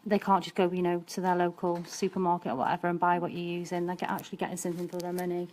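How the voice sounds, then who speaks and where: A woman's voice: fairly low pitch, completely flat delivery, racing, darkish tone, a little hiss or hum. Chatty woman teaching nail art. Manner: chatty, practical, full of ums. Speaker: nail technician and educator. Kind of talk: live-streamed nail art demonstration.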